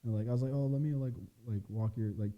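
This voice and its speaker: A man's voice: medium pitch, fairly even intonation, quick pace, muffled recording. A young man telling a story as a guest on a casual chat show, in a loose, laid-back way, full of fillers and swearing. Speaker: podcast guest, adult film performer.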